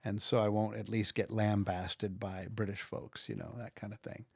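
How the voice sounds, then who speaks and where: This American man, an audiobook narrator and video creator, rambles casually through his computer work on a screen recording, thinking out loud and restarting his sentences. His low-leaning voice is gravelly, slightly rough and a little mellow, delivered flatly at normal speed with studio-quality sound and no room echo.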